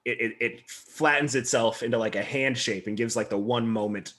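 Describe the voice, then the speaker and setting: A man's voice: medium pitch, normal speed, a bit bright. A man narrating a tabletop role-playing game as game master, rambling with many restarts.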